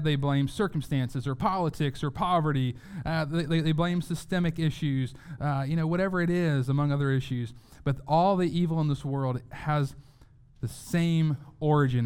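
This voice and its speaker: A man's voice: fairly high pitch, a little mellow, smooth. Earnest man preaching a sermon. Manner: earnest, repeats words when stressing a point. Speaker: pastor.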